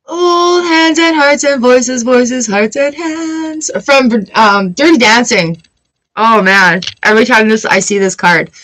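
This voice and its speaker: A woman's voice: medium pitch, fairly bright tone. A woman from Canada giving a live-streamed tarot reading, chatty and affirming, greeting viewers by name as she talks. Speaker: tarot reader.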